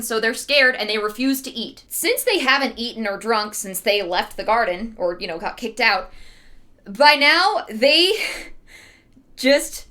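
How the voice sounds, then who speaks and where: Bright-voiced, sarcastic young woman storyteller. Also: fairly high pitch. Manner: sarcastic, playful asides. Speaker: streamer retelling a scripture story. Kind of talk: casual comedic retelling.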